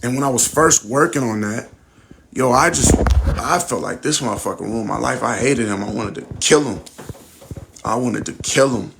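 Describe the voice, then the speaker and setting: Gravelly young man telling a story. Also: mid-range voice, moderate pace, noisy background. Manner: profane, candid and reflective. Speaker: podcast host. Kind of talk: casual personal storytelling.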